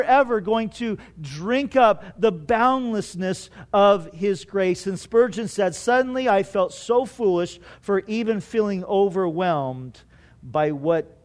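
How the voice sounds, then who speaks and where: Male pastor, middle-aged, light high voice, chatty self-deprecating sermon delivery. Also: slow. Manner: conversational, self-deprecating, frequent "you know".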